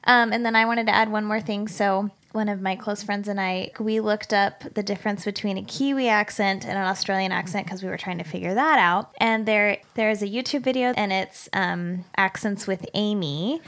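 A woman's voice: mid-range voice, moderate pace, few pauses. A young adult woman co-hosting a podcast, chatting casually and reading listener mail with lots of fillers. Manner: chatty, animated, frequent fillers. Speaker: podcast co-host.

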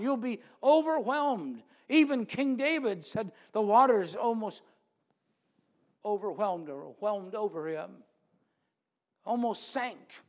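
In a church, a man with a very high voice delivers an animated sermon, performing quoted voices as his volume rises and falls sharply.

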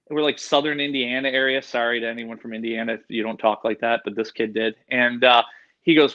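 A man, an animal expert, telling rambling, animated stories in a casual interview. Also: mid-range voice, a little fast, highs cut off.

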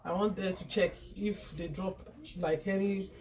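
An unhurried woman with a mid-range voice chats on her vlog, excitable and full of storytelling asides. The handheld phone footage moves from a car to a small home office.

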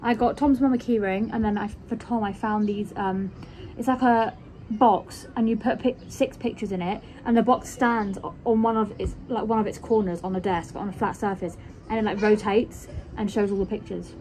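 A woman's voice: medium pitch, steady tone, moderate pace, a little mellow, slight background noise. A young woman, chatting casually to camera in a rambling vlog style. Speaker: vlogger.

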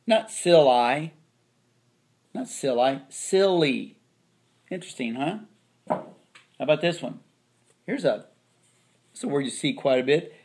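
A man teaching a phonics lesson to children, slowly sounding out each part of the words. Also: on the high side, big pitch swings, a little mellow, husky. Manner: slow, drawn-out sounding of word parts.

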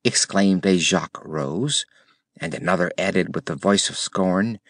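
A man narrating a classic children's fantasy audiobook in a measured storytelling manner. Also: lowish voice, dry recording, studio quality. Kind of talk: scripted narration.

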